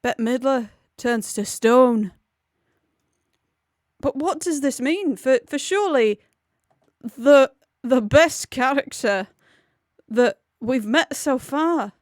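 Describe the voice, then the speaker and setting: A woman's voice: high-pitched, animated, slow pace, pauses often, no echo, studio quality. A woman hosting a livestream film club, chatting in a rambling, breezy way and often correcting herself. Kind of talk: casual chatty commentary.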